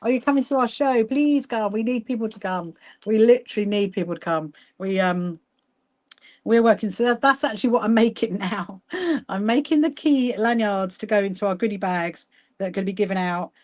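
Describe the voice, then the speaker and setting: Woman, sewing livestream host, chatty, greets viewers, frequent laughter, mid pitch. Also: fairly quick, darkish tone. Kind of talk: casual livestream chat while sewing. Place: sewing room at home.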